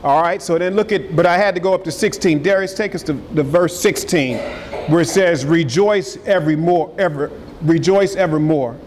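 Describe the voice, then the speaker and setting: A man's voice: a little high, moderate pace, darkish tone. A man preaching a sermon, emphatic and calling out to his congregation. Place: church sanctuary. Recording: long reverb of a large hall, faint noise.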